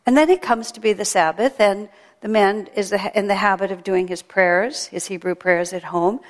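Woman minister, relaxed storyteller, mid pitch, long hall reverb. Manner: chatty, storytelling, unhurried. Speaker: minister giving a sermon. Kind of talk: sermon with a told joke. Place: temple.

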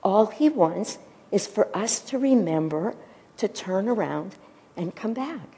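A woman giving a gentle devotional talk and retelling a story, pausing at times to search for her words. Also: mid-range voice, animated, in a large hall. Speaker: spiritual teacher.

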